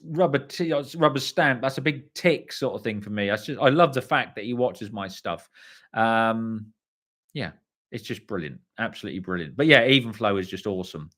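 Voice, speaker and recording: A middle-aged man chats loosely through viewer comments on a live stream. His talk is sweary and rambling, pitched in an ordinary mid range. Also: expressive, moderate pace, a bit bright. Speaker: livestream host. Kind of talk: casual live chat reading viewer comments.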